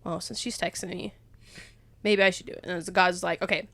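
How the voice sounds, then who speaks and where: A woman's voice: fairly low pitch, steady tone, moderate pace, creaky, a bit bright, dry recording. A young woman, rambling and emotional as she opens up in a casual faith chat, laughing often. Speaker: podcast co-host.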